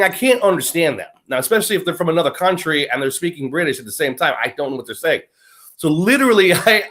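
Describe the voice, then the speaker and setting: American man, slightly high-pitched, loose rambling talker who laughs through his sentences. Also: fairly bright tone. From United States. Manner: rambling, joking, laughs often mid-sentence. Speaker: guest. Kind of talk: casual chat. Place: lives in Britain.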